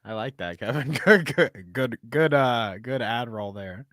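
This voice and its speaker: A man's voice: medium pitch, expressive, measured pace, a bit bright, no room sound, clean studio sound. A man hosting a casual comedy podcast, rambling and laughing between his sentences. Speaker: podcast host. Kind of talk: casual chat.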